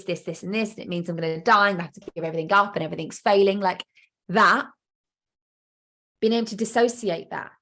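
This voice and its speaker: Brief: woman, podcast coach, lively, emphatic, acts out voices. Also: medium pitch. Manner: animated, acts out inner voices, emphatic repetition. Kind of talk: podcast monologue.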